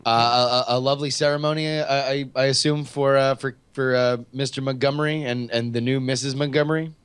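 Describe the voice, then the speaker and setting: A man's voice: mid-range voice, fairly even intonation, brisk, fairly bright tone, clean tone. A man co-hosting a podcast, playful and jokey in casual chat. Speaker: podcast co-host.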